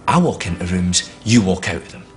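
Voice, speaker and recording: An actor playing a weary, lonely husband pleading quietly with his wife in a TV drama. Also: sits low, lively intonation, fairly quick, soft background music. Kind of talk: TV drama acting.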